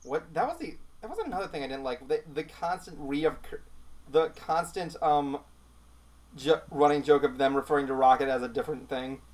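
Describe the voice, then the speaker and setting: A man's voice: fairly high pitch, moderate pace. Rambling, casual male podcast host. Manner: relaxed, rambling, with frequent "like" fillers. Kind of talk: casual chat.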